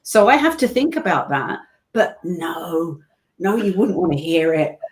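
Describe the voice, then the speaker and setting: A woman's voice: lowish voice, sing-song, measured pace, a little hiss or hum. A British woman who works as a voice-over narrator, chatting as a guest in a casual interview, talking in long rambling stories full of asides. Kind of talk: casual video-call interview.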